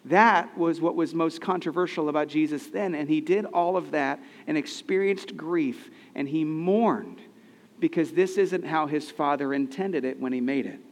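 A man's voice: on the high side, moderate pace. A man in his thirties preaching a sermon, conversational and earnest, asking the listeners questions. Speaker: pastor. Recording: long hall reverb.

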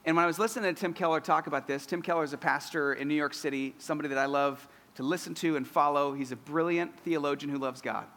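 A man in his thirties delivering an earnest sermon, his voice pitched high for a man. He builds steadily toward emphatic, declarative lines. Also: fast talker, hardly any pauses, a bit bright, big-room sound. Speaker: pastor.

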